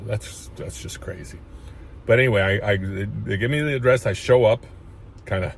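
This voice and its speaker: A man's voice: on the low side, moderate pace, creaky, a little hiss or hum. A man casually telling his own life story, rambling with frequent restarts and getting emotional at points. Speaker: chiropractor sharing his story.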